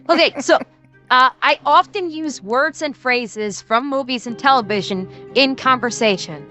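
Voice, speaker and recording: A woman's voice: high voice, slow, pushed and bright, faint music behind. A woman with a Midwestern accent chatting casually on a stream, rambling with many restarts and frequent laughter. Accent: Midwestern American.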